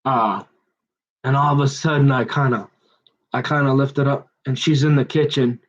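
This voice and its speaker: A man's voice: mid-range voice, steady tone, moderate pace, muffled recording. A middle-aged man preaching, telling a digressive personal story in a chatty, joking way. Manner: digressive, chatty, self-mocking. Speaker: pastor. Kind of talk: sermon with rambling personal story.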